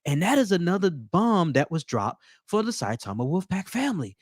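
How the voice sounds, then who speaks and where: In a high voice at normal speed, a man with a Southern US drawl runs a crypto news show, casually talking viewers through photos on screen. He's animated and chatty, calling them "guys," and the studio-quality audio has no room sound.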